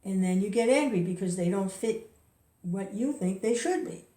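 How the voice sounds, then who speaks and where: A woman who rambles and chuckles through a casual spoken reflection, chanting softly between her thoughts. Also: mid-range voice, lively intonation, moderate pace. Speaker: devotee sharing reflections. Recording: roomy distant recording.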